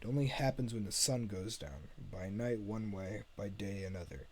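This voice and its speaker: A man's voice: lowish voice, normal speed, slight background noise, natural voice. A man reading a script aloud and voicing a young cursed princess in a raised, earnest voice. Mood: sorrowful. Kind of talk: amateur script read-aloud.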